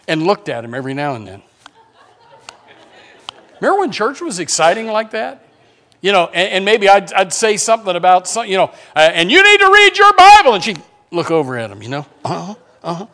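A male pastor, speaking in a somewhat higher voice than most men. He preaches in a loose, conversational way, stumbling over restarts and dropping joking asides. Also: a bit bright. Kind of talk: sermon.

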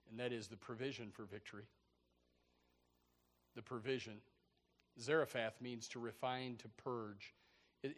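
A man preaching a sermon in an animated, stammering way, repeating words and acting out Bible characters. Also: medium pitch. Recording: echoey hall.

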